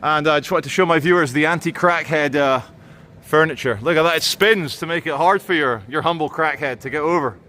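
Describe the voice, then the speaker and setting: English male vlogger, walking outdoors, wry mocking street commentary, a touch high, faint traffic behind. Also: a little fast, sharp tone. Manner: jokey, mocking, chatty asides to viewers.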